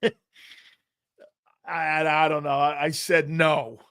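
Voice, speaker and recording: This middle-aged sports talk show host tells rambling, casual stories, chuckling at his own jokes and lurching from quiet mutters to sudden outbursts. Even so, his tone stays level, and his delivery is slow and smooth.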